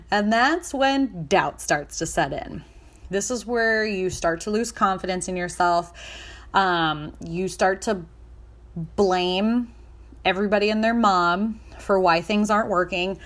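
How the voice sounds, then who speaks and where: A woman's voice: medium pitch, a little slow, fairly bright tone. Woman, 30s, podcast host and sales coach; casual, upbeat, chatty delivery with playful acted-out self-talk. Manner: upbeat, chatty, acts out hyped inner voices.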